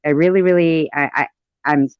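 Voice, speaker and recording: A woman's voice: low voice, steady tone, normal speed, smooth, no echo, muffled recording. A woman hosting a casual live stream, rambling with silly sing-song asides and frequent laughter.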